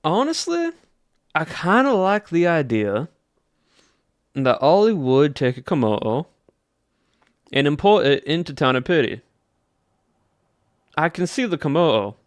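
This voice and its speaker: A man's voice: on the high side, big pitch swings, measured pace, pauses often, no room sound, clean studio sound, pitched above the performer's own voice. A young man doing a put-on Southern US accent as a folksy cowboy, chatting to his stream with a drawl. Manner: folksy drawl, says y'all. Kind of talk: casual livestream chat.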